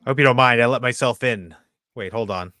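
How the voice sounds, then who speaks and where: A man dropping into a casual livestream, talking in a chatty, scattered way with quick asides. His voice sits in a middle range, and the sound is dry and close. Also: medium pitch, bright, forceful tone, no room sound. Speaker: guest co-host.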